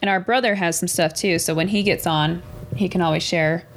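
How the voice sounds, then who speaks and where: A woman co-hosting a podcast in casual chat who breaks in with quick, joking remarks. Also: lowish voice, steady tone, a little hiss or hum. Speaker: podcast co-host.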